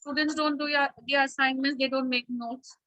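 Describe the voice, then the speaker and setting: High bright-voiced woman teaching online. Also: level tone, normal speed, rough recording. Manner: firm, instructive, repeats checks like "okay?". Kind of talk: online class instruction. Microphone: video call.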